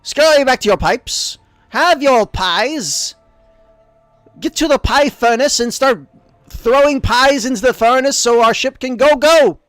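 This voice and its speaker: A man's voice: very high-pitched, lively intonation, unhurried, fairly bright tone, no echo, soft background music, pitched above the performer's own voice, heavily acted. A man putting on a pompous tiny halfling captain. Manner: haughty, commanding, theatrical. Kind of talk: let's play character voice.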